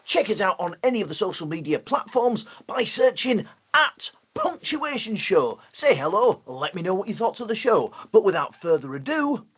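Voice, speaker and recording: A man's voice: high voice, big pitch swings, moderate pace, a bit bright, slight background noise. A man hosting a live online punctuation lesson for schools, upbeat and playful. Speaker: host and teacher.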